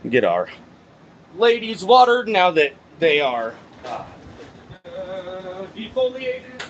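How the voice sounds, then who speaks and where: High-voiced man muttering while he works. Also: wildly swooping pitch, slow. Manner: thinks aloud, mutters and curses at himself. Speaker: host of a plant-growing channel. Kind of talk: casual talk-along while working. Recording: dull lo-fi with faint background noise.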